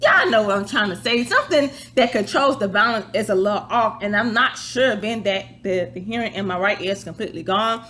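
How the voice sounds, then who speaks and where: Bright, chatty young woman vlogging. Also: mid-range voice, brisk, few pauses, slight background noise. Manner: chatty, animated storytelling with squealing quoted reactions. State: out of breath. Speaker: vlog host. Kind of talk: casual vlog chat. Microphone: phone or webcam, before her new microphone works.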